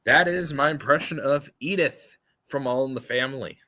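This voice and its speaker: A man's voice: mid-range voice, normal speed, pushed and bright. Rambling male livestream host. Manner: rambling, emphatic, repeats himself. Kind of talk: casual stream chat.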